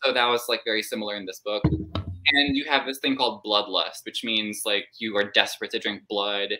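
A woman's voice: a bass voice, fairly quick, faint music behind. A woman hosting a live book club chat, retelling a novel bluntly and with lots of profanity. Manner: blunt, profane, animated retelling with mock voices. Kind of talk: casual live book discussion.

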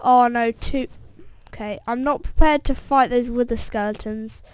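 A woman hosting a let's-play video, excitedly reacting aloud to the game and talking straight to her viewers. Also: on the high side, normal speed, smooth. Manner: talks straight to viewers as guys. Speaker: gameplay video host. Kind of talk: let's-play gameplay commentary.

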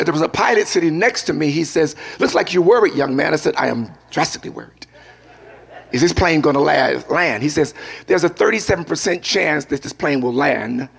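A man's voice: on the high side, gravelly, fairly bright tone, slightly rough. An older man, a pastor, preaching a sermon and weaving scripture together with a personal story.

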